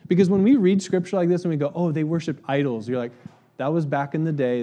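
Man, pastor, casual sermon, self-deprecating, filler-heavy, slightly high voice. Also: quick pace, warm tone, soft background music. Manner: chatty, self-mocking, full of fillers.

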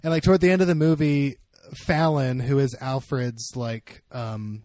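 A man's voice: medium pitch, steady tone, moderate pace, a little mellow, dry recording. A young man co-hosting a casual film discussion, rambling with many fillers and restarts. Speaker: podcast co-host.

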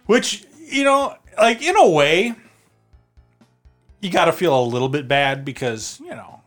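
A man's voice: a little high, expressive, a little slow, a bit bright, soft background music. A man co-hosting a casual podcast, chatty, laughing often and using many fillers. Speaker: podcast co-host.

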